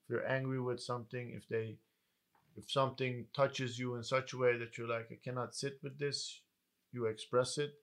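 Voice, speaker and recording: A man co-hosting a podcast, talking calmly and reflectively and giving advice straight to listeners. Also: mid-range voice, normal speed. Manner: calm, reflective, advising listeners. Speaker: podcast co-host. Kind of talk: casual podcast chat.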